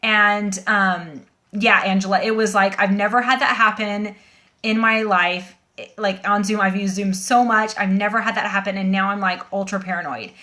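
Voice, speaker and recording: A woman's voice: medium pitch, fairly even intonation, moderate pace, bright, forceful tone. A woman hosting a casual phone livestream, talking earnestly and rambling with many fillers, shaken and emotional. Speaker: livestream host. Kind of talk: casual livestream talk to viewers.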